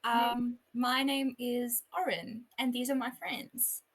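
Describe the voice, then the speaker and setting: Woman voicing a kind adventurer, gentle, caring, fairly high voice. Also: flat delivery, takes it slowly, husky, full character voice.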